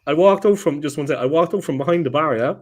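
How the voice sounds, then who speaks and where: A man, co-hosting a casual football chat and telling lively stories, often checking in with "yeah?". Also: fairly high pitch, fast. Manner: animated anecdote teller, checks in with "yeah?". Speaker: co-host.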